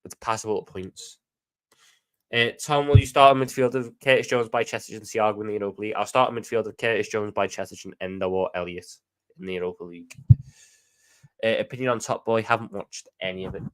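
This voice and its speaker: A man's voice: on the low side, fairly even intonation, quick pace, smooth. A man with a Scouse accent chatting casually on a live stream, reading viewer questions and answering them off the cuff.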